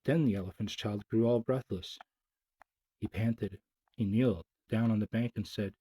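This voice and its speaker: A man reads a children's story aloud, measured and gently dramatic, and drops softer for the asides. His voice is husky and mellow. The recording is dry and close. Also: lowish voice, steady tone, no room sound, poor audio.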